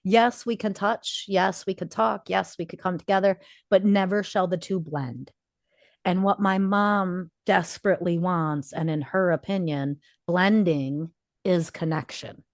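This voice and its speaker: In a casual podcast conversation, this co-host, a woman in her forties, shares a heartfelt personal story and performs the quoted dialogue. She speaks in a lowish, unhurried voice, recorded at studio quality with no echo.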